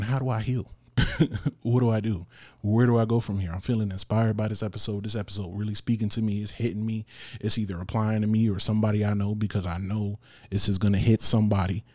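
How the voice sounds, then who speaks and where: Podcast host, male, lower register, earnest encouraging monologue, slangy and quick to laugh, dry close-mic sound. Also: a little mellow, no echo. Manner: casual slang.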